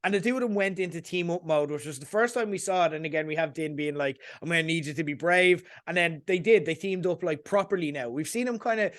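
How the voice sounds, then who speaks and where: A man co-hosting a casual podcast, giving measured, reflective opinions and hedging them. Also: on the high side. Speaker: podcast co-host. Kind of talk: casual chat.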